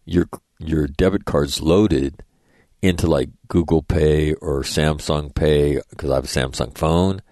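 Deep gravelly middle-aged man telling stories. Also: darkish tone, no room sound. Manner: profane, rambling anecdotes with acted-out dialogue. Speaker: radio show host. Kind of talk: casual storytelling monologue.

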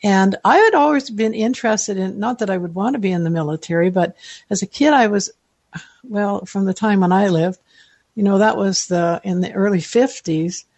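A woman's voice: mid-range voice, moderate pace, a little mellow, no echo. Chatty older woman guest, rambling stories. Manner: rambling, chatty, self-deprecating with frequent laughs. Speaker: listener guest. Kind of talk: casual interview storytelling.

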